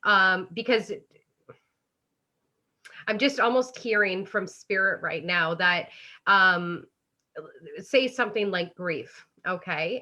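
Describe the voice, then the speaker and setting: A woman's voice: fairly low pitch, pushed and bright. A woman hosting a casual interview, asking long, thoughtful questions and agreeing readily. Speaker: interview host.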